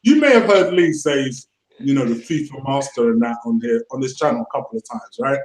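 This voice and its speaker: Man, excitable, casual host, echoey room, faint background noise. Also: medium pitch, fairly quick. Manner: excitable, laughs often, London slang. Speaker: podcast host. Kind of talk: casual fan review chat.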